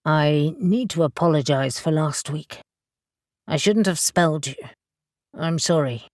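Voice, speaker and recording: A curt, proud male boss from an audiobook, as a woman reads him in a lowered voice. His clipped lines sound close and dry, without any room around them. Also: unhurried, a little mellow, no room sound. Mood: guarded.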